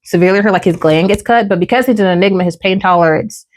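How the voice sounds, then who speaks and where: On her podcast, a medium-pitched woman talks at a quick pace as she casually runs through a drama's plot. It's lively storytelling in a chatty style, with her performing the characters' dialogue.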